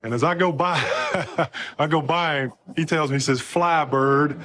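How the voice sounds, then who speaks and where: A man's voice: a little high, normal speed, a bit bright. Amused man recalling a head fake. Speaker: former player recalling being faked.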